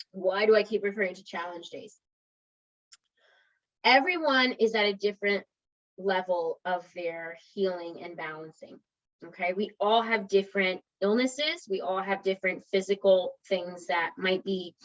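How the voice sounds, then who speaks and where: Woman coach, motivational talk, conversational, encouraging, checks in with listeners often, mid-pitched voice, dull lo-fi sound. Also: a bit bright. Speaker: wellness coach. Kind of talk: motivational talk to an online group.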